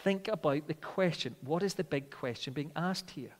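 A man's voice: a little high, moderate pace. Emphatic male preacher in a reverberant hall. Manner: emphatic, swings between loud declarations and quiet reflection. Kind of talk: sermon.

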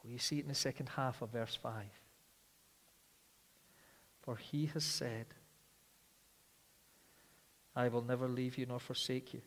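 A man preaching a sermon, earnest, moving between emphatic stress and hushed, slow passages. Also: mid-range voice, level tone. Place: church. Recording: long reverb of a large hall.

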